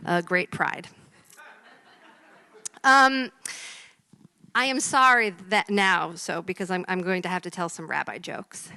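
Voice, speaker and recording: Woman actor addressing an audience, bright voice, hall reverb. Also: mid-range voice. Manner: chatty, with fillers. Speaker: actor, performer. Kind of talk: talking to a live audience.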